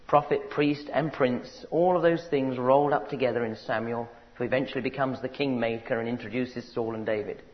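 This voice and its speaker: Preacher in a reverberant hall. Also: male voice, medium pitch. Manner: storytelling, conversational asides to the congregation. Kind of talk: sermon. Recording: dull recording with long hall reverb.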